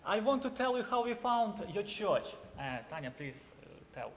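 A man's voice: sits high, sing-song, moderate pace, fairly bright tone, long reverb tail, a little hiss or hum. A Ukrainian man from Ukraine speaking at a church, joking and prompting his wife to translate for him.

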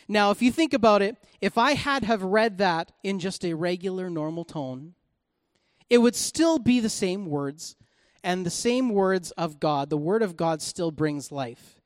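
A woman preaching a sermon and reading scripture aloud. She delivers it animatedly and swings from soft, quiet speech to shouting. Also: fairly low pitch, lively intonation, unhurried, no echo, clean studio sound. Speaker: Bible teacher.

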